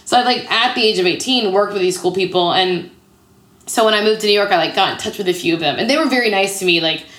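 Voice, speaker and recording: A woman's voice: mid-range voice, fast, fairly bright tone. A woman in her thirties, an improv comedian telling stories as an interview guest in a chatty way, full of "like". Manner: chatty, peppered with "like". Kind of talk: casual storytelling interview. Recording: roomy echo.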